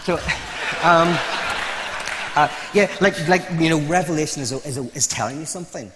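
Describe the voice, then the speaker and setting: A man's voice: on the high side, moderate pace, over a noisy crowd, very noisy. A man being interviewed, talking in a loose storytelling way with many restarts and laughs at his own points. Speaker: interview guest. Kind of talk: conversational storytelling. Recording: long hall reverb.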